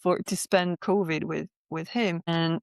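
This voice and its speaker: A woman's voice: on the low side, steady tone, a little slow, dry recording. A young woman from France, sharing a personal testimony as a podcast guest in a chatty way, peppered with "like" and "right?".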